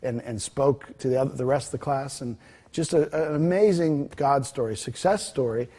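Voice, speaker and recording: Husky man telling a testimony. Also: medium pitch, moderate pace. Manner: animated retelling with quoted dialogue, frequent fillers and restarts. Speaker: guest telling a ministry testimony. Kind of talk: conversational storytelling.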